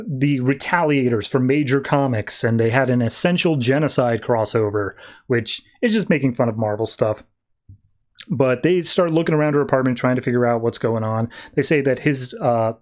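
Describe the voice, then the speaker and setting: A man's voice: medium pitch, moderate pace. A man hosting a podcast, loosely recapping comic book plots in casual chat, full of filler words. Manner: loose and rambling, heavy on "like" and "uh" fillers. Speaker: podcast host.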